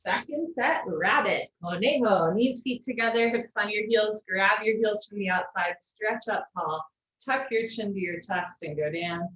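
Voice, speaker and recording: A woman teaching a live online yoga class, giving steady posture cues with gentle encouraging asides. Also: medium pitch, a little slow. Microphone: video call. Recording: echoey lo-fi video call audio.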